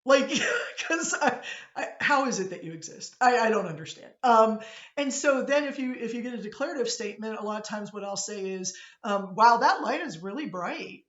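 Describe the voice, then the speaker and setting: This woman teaches at a college and hails from Pittsburgh, USA, and her Pittsburgh accent comes through as she talks at a normal speed in a fairly high voice. She rambles conversationally through her lecture, pausing often to see how the class is doing. Expect a roomy, lo-fi recording.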